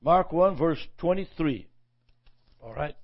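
A male preacher teaching from scripture in a sermon, his voice sitting a little high. He talks in halting bursts, restarting and repeating words as he goes. The recording sounds dull and lo-fi. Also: expressive.

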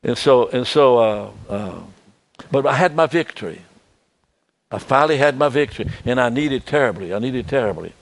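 Older man preaching, halting and soft. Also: medium pitch, lively intonation. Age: 70s. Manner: halting, repeats words, drops to soft tones. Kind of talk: sermon.

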